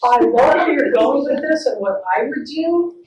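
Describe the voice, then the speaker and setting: A woman play therapist tells stories about children in a faith-based parenting talk, acting out their quotes with laughs along the way. Her voice sits a little high. She sounds set back from the mic in an echoey room with a faint hiss. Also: normal speed, a crowd in the background. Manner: warm, animated storytelling with acted-out quotes and laughs. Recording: echoey room, picked up from a distance.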